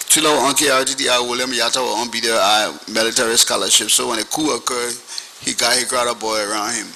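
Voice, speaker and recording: A man's voice: mid-range voice, fairly even intonation, fast talker, creaky, pushed and bright, slight background noise, pitched below the performer's own voice, poor audio. A man quoting a stern army major who threatens him, blunt and commanding. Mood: threatening.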